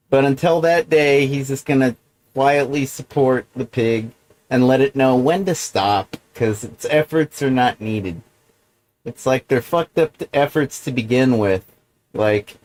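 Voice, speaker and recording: A livestream host talks by himself in a wandering, foul-mouthed monologue that keeps drifting off on tangents. His voice is mid-range with a somewhat dark tone, and the recording sounds rough.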